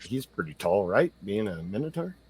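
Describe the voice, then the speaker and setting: A man's voice: fairly low pitch, sing-song, normal speed, darkish tone, husky. A man as dungeon master, explaining rules and scenes in an easygoing, hesitant way. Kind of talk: narrating a tabletop game.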